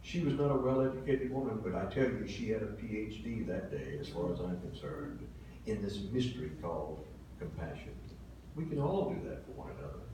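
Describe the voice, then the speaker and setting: A man's voice: mid-range voice, dark tone. An American pastor in his seventies delivers a sermon, telling stories with earnest swells and drops in volume. His voice sits in an ordinary middle register. He sounds far from the mic, carried through a very reverberant hall with a faint hiss. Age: 70s. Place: church sanctuary.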